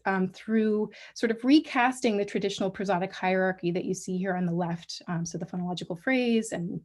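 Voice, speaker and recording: A woman's voice: medium pitch, a little mellow. Woman, guest lecturer at an academic colloquium, explanatory delivery with filler ums and self-corrections. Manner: explanatory, frequent ums and restarts. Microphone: livestream talk mic.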